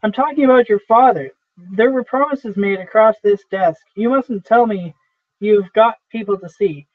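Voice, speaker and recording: A man's voice: sits high, normal speed, no room sound, close to an everyday voice. A man reading the part of an aging, desperate male traveling salesman who pleads and insists, in a dry, tinny recording. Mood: pleading. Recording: dry, tinny phone-like sound.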